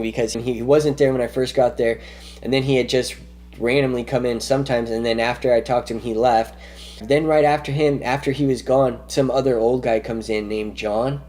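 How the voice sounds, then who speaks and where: A man's voice: mid-range voice, darkish tone. Man rambling through his own story. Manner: repetitive, circles back with restarts and "he goes"; earnest, insistent. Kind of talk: rambling first-person account.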